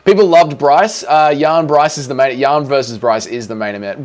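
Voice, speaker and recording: A man's voice: medium pitch, moderate pace, hardly any pauses. An Australian man hosting a livestream Q&A, reading chat in a crude, casual way with lots of swearing. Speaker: streamer host.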